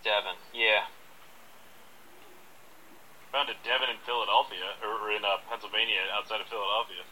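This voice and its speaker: A man's voice: on the low side, steady tone, moderate pace, bright, forceful tone, a little hiss or hum, rough recording. A man from the United States, a filmmaker, who chats as a guest and laughs easily. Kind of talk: casual interview chat.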